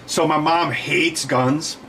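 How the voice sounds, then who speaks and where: A man's voice: fairly high pitch, steady tone, slow pace, a bit bright, slight background noise, poor audio. Rambling man chatting while he works. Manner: digressive, self-correcting, laughs often. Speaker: livestream host. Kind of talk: rambling casual chat while working.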